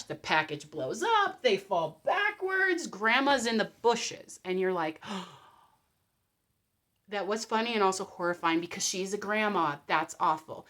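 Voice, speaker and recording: A woman vlogger talking casually to camera. She speaks in an animated way and acts out little quotes. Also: mid-range voice, unhurried. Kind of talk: casual commentary vlog.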